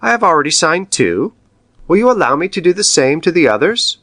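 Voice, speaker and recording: A man doing a high, flustered rich banker. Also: very animated, brisk, fairly bright tone, dry recording, exaggerated voice. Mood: boastful. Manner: pleading, stammering. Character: anxious proud wealthy male banker.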